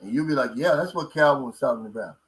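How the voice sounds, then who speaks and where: Chatting casually with viewers and reading their comments, a late-fifties vlogger from Kentucky stays folksy and blunt, drawling his fillers. Here his medium-pitched voice is expressive and quick, and the recording is rough.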